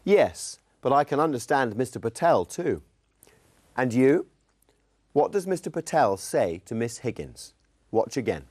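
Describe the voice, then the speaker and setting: A man co-presenting a scripted English lesson in a friendly, clear, instructive tone. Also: mid-range voice, sing-song, a little slow, a little mellow.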